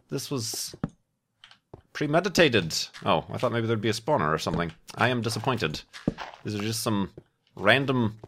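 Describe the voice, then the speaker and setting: A man's voice: lowish voice, a bit bright, a little hiss or hum. A man rambling chattily through casual let's-play commentary with self-mocking asides, a bit stuffy from a cold. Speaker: gaming YouTuber.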